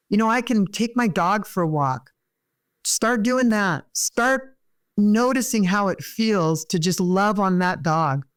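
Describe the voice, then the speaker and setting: A middle-aged woman therapist, a podcast guest, talking earnestly and explaining with everyday examples. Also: mid-range voice. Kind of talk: conversational interview.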